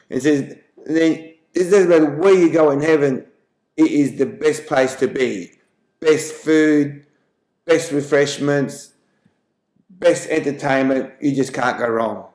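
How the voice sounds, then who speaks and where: Male host, relaxed joke teller, slightly high voice, echoey room. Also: slow pace. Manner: chatty, lightly mimics characters. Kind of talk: casual joke telling.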